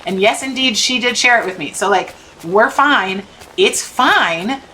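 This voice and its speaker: This young woman's voice sits on the high side and moves at an unhurried pace, captured in a rough recording with a little hiss or hum. She swears now and then as she vents an exasperated story during gameplay, faint game music behind her.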